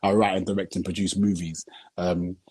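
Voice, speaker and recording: A man speaks candidly as a guest on a live video chat, earnest and searching as he checks that you follow him. His voice sits low, with a mellow, husky texture. He sounds like he is on a phone mic during a live stream. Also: flat delivery, fairly quick. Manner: earnest storytelling, heavy with "you know what I'm saying". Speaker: guest, film director.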